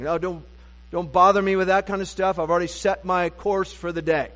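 A man with a high voice delivers a sermon from the pulpit, talking to his congregation in a conversational, self-deprecating way with dry humor. His voice rings out with the long reverb of a large church sanctuary, and a low mains hum sits underneath. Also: fairly even intonation, brisk, fairly bright tone. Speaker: pastor.

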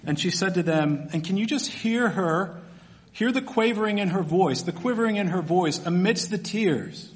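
A man's voice: high voice, expressive, normal speed. A man, a pastor, preaching a sermon in a conversational, storytelling way with casual fillers.

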